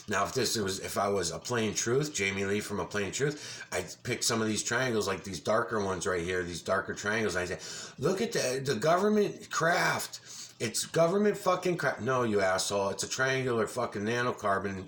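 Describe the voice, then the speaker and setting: A man's voice: on the low side, brisk, fairly bright tone. A man giving a casual, ranting commentary over a video, insistent and full of swearing. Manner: angry, profane, ranting; insistent, repeats himself.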